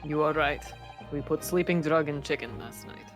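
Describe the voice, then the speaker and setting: A guilt-ridden Russian sailor stumbles through broken English in a thick accent, as a woman puts him on. The voice sits a little low and plain, sailor-gruff in intent. A visual-novel figure read aloud during a game playthrough. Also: moderate pace, over music, lightly acted. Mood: confessing. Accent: put-on Russian. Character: burly male Russian sailor, pleading and guilty.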